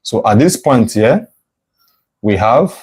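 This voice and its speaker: A man's voice: mid-range voice, expressive, slow pace, darkish tone, husky, rough recording. A male math tutor teaching a live online lesson, thinking aloud as he sketches a curve, correcting himself and checking in with "right?".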